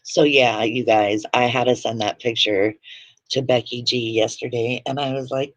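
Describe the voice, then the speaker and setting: This home livestream host has a bass voice with fairly even intonation, talking at a moderate pace as she spins casual, blunt and profane stories. Her audio is dull, dry and lo-fi, with no room sound.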